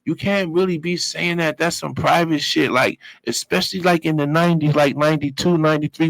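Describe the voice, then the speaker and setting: Animated man telling a story. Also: fairly high pitch, normal speed, gravelly, no room sound, poor audio. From Brooklyn, New York. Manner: animated, profane street talk with vocal sound effects. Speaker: guest telling his life story. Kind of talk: casual storytelling.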